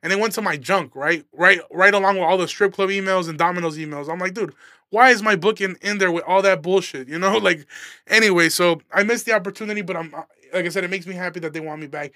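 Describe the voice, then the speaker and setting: A man's voice: sits high, fast, pushed and bright, no room sound, clean studio sound. A young man from Illinois, a stand-up comedian hosting his podcast, telling a story in a casual, profane, fired-up rant. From Aurora, Illinois, USA.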